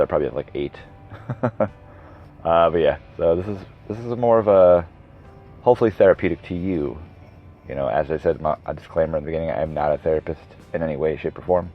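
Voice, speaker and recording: A man in his thirties hosting a solo podcast, rambling casually, going off on tangents and correcting himself as he goes. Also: very deep voice. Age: 30s. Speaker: podcast host. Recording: dull lo-fi recording with music behind. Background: background music.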